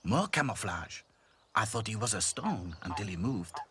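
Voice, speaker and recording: A man's voice: fairly low pitch, animated, normal speed, sharp tone, a little hiss or hum. A man voicing Claude, a cheerful male rag doll in a children's cartoon, light and matter-of-fact. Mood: cheery.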